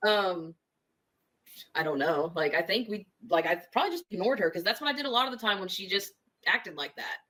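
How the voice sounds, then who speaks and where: A woman guest casually recounting a past relationship, relaxed and full of likes, laughing at herself. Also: mid-range voice, a little fast. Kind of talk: casual storytelling.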